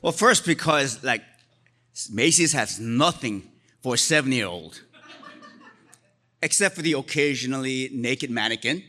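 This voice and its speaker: A Korean-born man in his forties tells a true story on stage, his voice sitting at an ordinary middle pitch. He keeps a wry, self-mocking humor running through it, with an easy, unhurried storytelling delivery at a live story slam. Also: animated, sharp tone.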